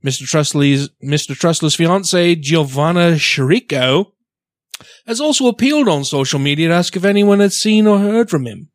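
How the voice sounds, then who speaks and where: Man doing a mock British newsreader, stiff and formal, slightly high, dry sound. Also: animated, moderate pace, no echo, lightly acted. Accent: put-on British. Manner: stiff formal news reading with stumbles. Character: adult male British newsreader.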